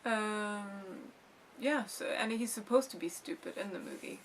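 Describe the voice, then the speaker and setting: A woman's voice: medium pitch, a little slow, slight background noise, rough recording. Chatty woman co-hosting a film chat. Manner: chatty, playful, lots of fillers. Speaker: co-host. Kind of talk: casual film review chat.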